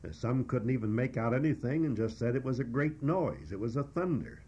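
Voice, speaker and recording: A man preaching a verse-by-verse Bible exposition, teaching in a measured, emphatic way with frequent "uh" pauses. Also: medium pitch, lively intonation, a little mellow, breathy edge. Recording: dull lo-fi recording.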